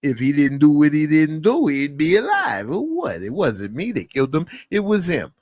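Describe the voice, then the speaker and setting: A man's voice: a little high, wildly swooping pitch, moderate pace, a little mellow, no room sound. A man imitating a cold, boastful old-school gangster who talks in a swaggering tough-guy way.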